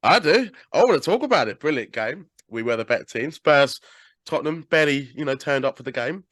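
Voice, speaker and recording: A British man in his thirties hosting a casual podcast interview over a call, chatty and quick to laugh. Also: a little high, expressive, a bit bright, no echo, studio quality. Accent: British English. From England. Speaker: podcast host.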